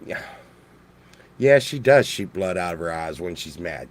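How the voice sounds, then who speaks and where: A man's voice: low-pitched, expressive, a little slow. A man from Texas, rambling jokily in a casual monologue full of restarts and swearing. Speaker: vlogger.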